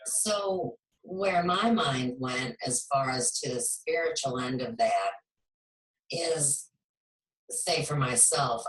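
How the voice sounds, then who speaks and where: A woman hosting a spiritual talk show, speaking in a slow, measured, reflective way. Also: extremely low pitch. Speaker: host. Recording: echoey room, far from mic.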